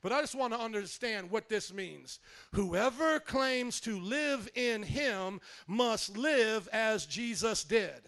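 A man preaching from the pulpit in a strikingly high voice. He drives his points hard, rising to shouts as he presses the congregation. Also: lively intonation, slow. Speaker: pastor. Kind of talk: sermon.

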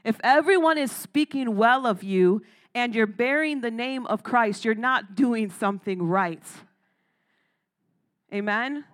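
Emphatic woman preaching, fairly high voice. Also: unhurried. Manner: emphatic, calls out "Amen?" and "Come on"; laughs between points, playful asides. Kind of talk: sermon.

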